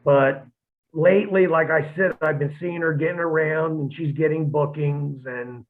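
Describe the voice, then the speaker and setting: Man, slightly high voice, blunt and profane, tinny phone-line sound. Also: steady tone, moderate pace. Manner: blunt, profane, rambling with restarts. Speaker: podcast co-host, former wrestler. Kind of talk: casual podcast chat.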